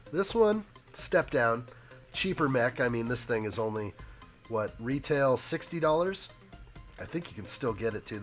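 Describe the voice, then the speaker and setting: A hoarse man in his thirties hosts a live stream while building a toy set, chatting casually, joking, and reading viewer comments aloud. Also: medium pitch.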